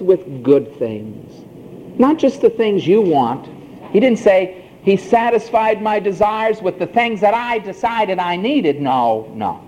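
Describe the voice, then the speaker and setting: High, sing-song male preacher, slow and dark-toned. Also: lo-fi sound, slight background noise. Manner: emphatic, swooping preacher's cadence with slow drawn-out phrases. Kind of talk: sermon.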